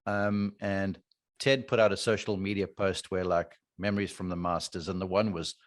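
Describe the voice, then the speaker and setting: A man with a very deep voice hosts a golf podcast interview, recorded dry and close. He moves the conversation along with short prompts and quick summaries. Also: flat delivery, no room sound. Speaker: host and golf broadcaster.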